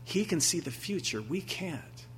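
A man's voice: a little high, sing-song, measured pace, a bit bright, a little hiss or hum. A man preaching a sermon, reading scripture aloud with emphasis and asking his listeners rhetorical questions in a conversational way. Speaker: pastor.

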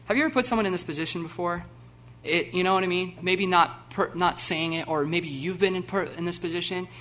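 A man preaching a sermon, animated and laughing, acting out the scenes with sudden loud bursts. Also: high-pitched, fairly quick, a little hiss or hum. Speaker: pastor.

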